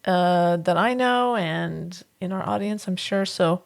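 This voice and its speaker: A woman's voice: lowish voice, slow pace, creaky. A woman co-hosting a podcast in casual chat, easygoing and playful, laughing along with her co-host.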